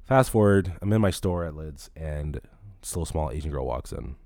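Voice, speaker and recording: A man's voice: very deep voice, animated, moderate pace, creaky, a little mellow, dry recording, studio quality. A man in his late twenties, a podcast host, telling a rambling, profane story in casual talk.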